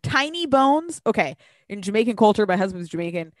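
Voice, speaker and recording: Podcast co-host, woman, middle-pitched, very animated, swears freely, dry close sound. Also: brisk, no echo. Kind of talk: casual chat.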